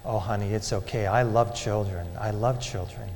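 Man voicing a gentle, hushed lady teacher. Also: medium pitch, slow, a little hiss or hum, voice pushed down, natural voice. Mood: comforting. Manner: soft, hushed, comforting. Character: kind woman teacher, gentle and reassuring. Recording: long hall reverb.

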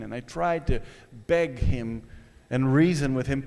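A man telling a personal story to an audience, retelling it in an animated, dramatic way. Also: medium pitch, unhurried, vocal fry. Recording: echoey hall.

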